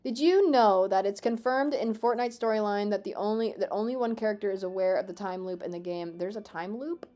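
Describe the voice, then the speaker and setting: A woman in her twenties streams a game and chats casually with her viewers, swearing freely. Excitable and self-mocking, she talks at a medium pitch, a little fast, with hardly any pauses.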